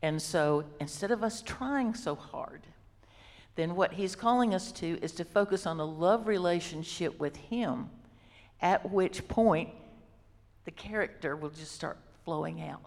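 A woman teaching a sermon, slow and deliberate, repeating key words for emphasis. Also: lowish voice, a little mellow. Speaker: Bible teacher. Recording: long hall reverb.

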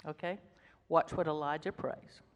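Lady preacher, lower voice, reads scripture then explains it casually, big echoey hall. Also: steady tone, moderate pace. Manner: emphatic reading broken by casual explanatory asides. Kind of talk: sermon, reading scripture with commentary. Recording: reverberant hall.

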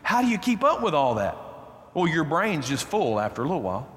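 A man's voice: a little high, sing-song, fairly quick, fairly bright tone. A man preaching a sermon as pastor, emphatic and repeating his key phrases. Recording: reverberant hall, roomy echo.

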